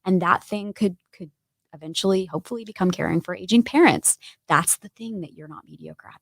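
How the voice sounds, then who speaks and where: A woman's voice: fairly low pitch, a little fast, gravelly, no room sound. A woman talking candidly as a podcast guest, earnest and chatty, often adding "like" and "right?". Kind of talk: candid conversational interview. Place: podcast studio.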